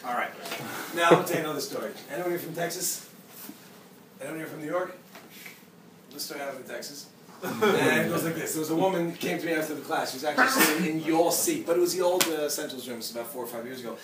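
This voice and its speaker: A man teaching a class, telling stories in an animated way and often asking the students questions. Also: a little high, quick pace. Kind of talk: storytelling lecture to a class. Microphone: distant mic. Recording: echoey room from far off, with background noise.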